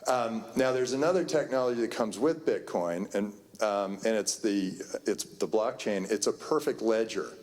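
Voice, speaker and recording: A man's voice: fairly low pitch, normal speed, hardly any pauses, darkish tone. A man giving a keynote talk, telling a rambling anecdote full of fillers and restarts. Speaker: keynote speaker. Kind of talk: conference keynote storytelling. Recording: long hall reverb.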